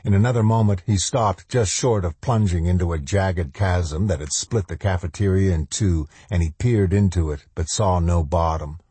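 A man reads a novel aloud in a low, dark voice with a husky grain. His pacing is measured and slows down for the weightiest lines. The recording is dry and close, with no room sound. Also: dry recording. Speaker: audiobook narrator. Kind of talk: scripted narration of a novel.

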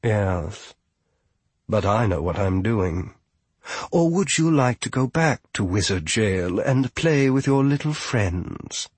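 A man's voice: lowish voice, lively intonation, slow, husky, no echo, full character voice. A man voicing a haughty, bossy female witch in a storybook, prim and imperious. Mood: condescending.

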